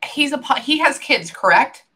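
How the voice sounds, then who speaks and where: A woman's voice: high-pitched, expressive, normal speed, sharp tone. A woman working as a psychic medium in a reading session, often stopping to listen and then passing on what she hears. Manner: breaks off often to listen, then relays quotes. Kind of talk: reading session, relaying messages.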